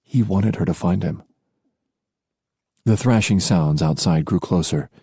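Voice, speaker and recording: A man narrating a romance audiobook in a measured storytelling voice. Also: sits low, creaky, dark tone, slightly rough, dry recording, studio quality. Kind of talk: scripted narration.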